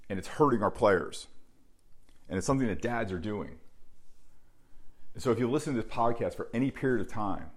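A middle-aged man hosting a podcast and coaching baseball, talking bluntly and earnestly, often dropping low and quiet to stress a point. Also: expressive, a little fast, long pauses.

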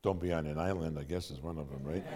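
A man's voice: a bass voice, long reverb tail, very noisy. A man preaching in storytelling style, conversational and asking his audience questions. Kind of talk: sermon storytelling.

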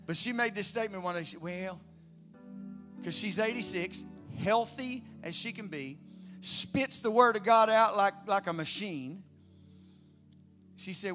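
Pastor guy in his 50s preaching hard, high bright voice, faint music underneath. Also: unhurried, long pauses. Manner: emphatic preaching, swings from loud declarations to quiet storytelling. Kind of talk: sermon.

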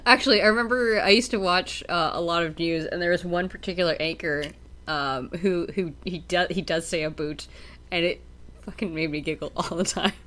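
A woman's voice: on the low side, normal speed, fairly bright tone. A woman from Canada co-hosting a podcast in casual chat, giggling often and restarting her sentences. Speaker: podcast co-host.

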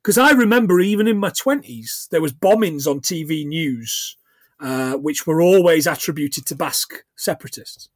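Man, 40s, podcast co-host: high, bouncy voice, jokey recaps, close and dry. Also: moderate pace, no room sound. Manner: animated, laughs often, recaps plot with jokey asides. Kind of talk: casual film podcast chat.

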